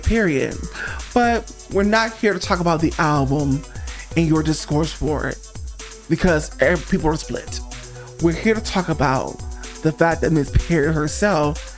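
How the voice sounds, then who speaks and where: A man's voice: fairly high pitch, expressive, unhurried. A man hosting a pop music review show, talking straight to the viewer in a sassy, emphatic way. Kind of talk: casual opinionated monologue.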